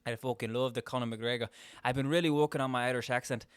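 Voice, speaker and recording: A man's voice: medium pitch, steady tone, quick pace, clear, resonant tone, no echo. A young man co-hosting a podcast in casual, crude, joking banter full of swearing. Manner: crude, swears a lot, jokey. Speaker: podcast co-host.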